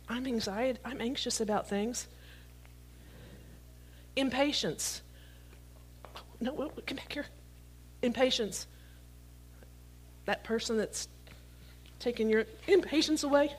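A woman preaching a sermon to a congregation, reading scripture and joking as she catches props. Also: on the high side. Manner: playful, talks to the congregation, jokes while catching props. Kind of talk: sermon with a live prop illustration.

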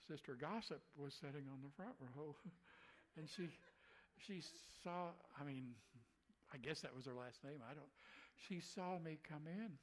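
A man's voice: on the high side, a little slow, poor audio. A man, a preacher, telling a story in a folksy way, chuckling and acting out what people said. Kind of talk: telling a personal story in a conversation.

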